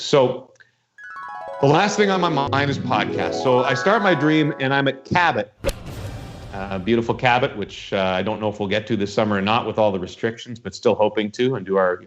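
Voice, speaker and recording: A man hosting a podcast in casual chat, rambling through a story and acting out the voices in it. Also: fairly low pitch. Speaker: podcast host. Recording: dull lo-fi sound.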